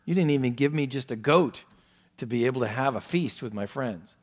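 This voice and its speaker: A man's voice: mid-range voice, normal speed. Emphatic male preacher with rhetorical questions. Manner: emphatic, swings from loud stresses to quiet asides; asks the listeners rhetorical questions. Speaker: pastor. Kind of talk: expository sermon.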